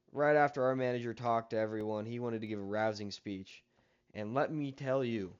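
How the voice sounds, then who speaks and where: A man's voice: medium pitch, highs cut off. Exasperated man telling a story. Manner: exasperated, profane, rambling. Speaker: story-time vlogger. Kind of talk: casual storytelling.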